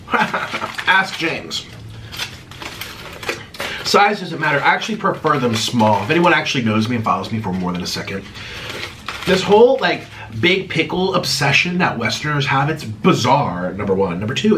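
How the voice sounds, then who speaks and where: A sarcastic man in his thirties chats to his viewers at home while eating, his voice leaping from high and whiny to low and flat. It sits a little high for a man. A faint hum of room noise runs behind him. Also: normal speed, distant mic. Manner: sarcastic, theatrical, swings between high and low pitch. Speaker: mukbang host answering viewer questions. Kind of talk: casual chat while eating.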